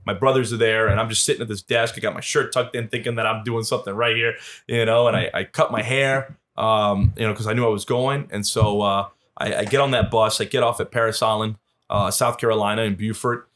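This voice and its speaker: A man in his thirties, a podcast guest, telling a lively story and acting out the voices of the people in it. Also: on the low side, fairly quick. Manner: animated storyteller, acts out dialogue with swearing and laughs. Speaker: podcast guest, Marine veteran and police officer. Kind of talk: casual storytelling.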